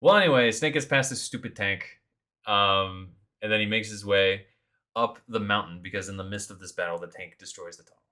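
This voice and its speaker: A man co-hosting a podcast, recapping a video game in animated, sarcastic casual chat. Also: fairly low pitch, a little fast. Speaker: podcast co-host.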